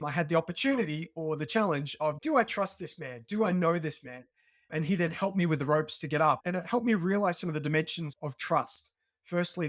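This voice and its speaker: A man with an Australian accent, a podcast guest telling a personal story in an earnest, animated way. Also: a little high, no room sound, studio quality. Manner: earnest and animated, acts out remembered dialogue. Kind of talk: conversational storytelling.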